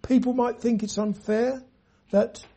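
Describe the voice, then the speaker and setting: A preacher giving an earnest sermon, reading scripture in a measured way and speaking straight to the listeners. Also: mid-range voice, steady tone, gravelly, warm tone, slightly rough. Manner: addresses listeners directly.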